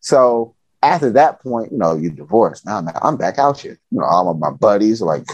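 A man from Chicago talks as a podcast guest, his voice sitting low but swinging widely as he tells his stories. He acts out other people's lines and swears casually. The sound is dry and close. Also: normal speed, hardly any pauses, slightly rough, no room sound. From Chicago, USA. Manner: animated, acts out quoted dialogue, casual and profane. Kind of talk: casual storytelling conversation.

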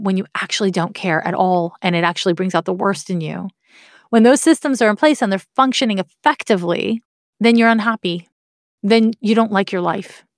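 An astrology teacher with a medium-pitched voice gives a candid, relaxed explanation, punctuated by occasional swearing and wry comments. It is recorded at studio quality with no room sound.

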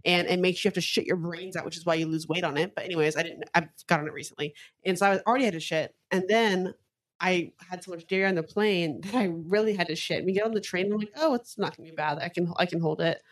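A woman's voice: lowish voice, steady tone, quick pace. A young adult woman co-hosting a podcast, telling candid, crude stories in a casual chat. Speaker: podcast co-host.

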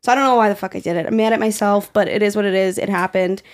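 A young woman co-hosting a podcast in casual chat, telling stories animatedly with plenty of swearing. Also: rapid-fire. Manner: animated storytelling, swears freely, voice jumps high when quoting. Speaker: podcast co-host.

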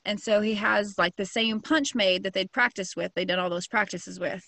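A woman's voice: medium pitch, normal speed, bright, forceful tone, dry recording. A woman casually telling a true crime story to a co-host, full of fillers and slang. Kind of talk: casual chat.

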